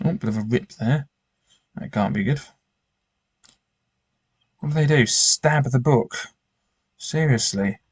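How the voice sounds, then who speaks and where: A man's voice: medium pitch, takes it slowly, long pauses, slightly rough, dry recording. A man reading a gamebook aloud with commentary, often stumbling and restarting his sentences. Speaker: gamebook player.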